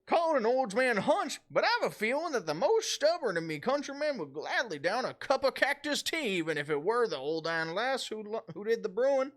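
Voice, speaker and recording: A man's voice: very high voice, big pitch swings, fairly quick, few pauses, a bit bright, voice pushed up, full character voice. A man voicing a folksy, stubborn old male villager from a video game, reading the lines aloud with a drawl.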